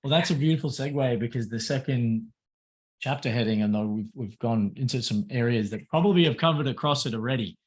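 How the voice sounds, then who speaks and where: A man's voice: mid-range voice, brisk. A man hosting a conversation, talking candidly and rambling, with frequent restarts as he corrects himself. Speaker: host. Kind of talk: podcast conversation.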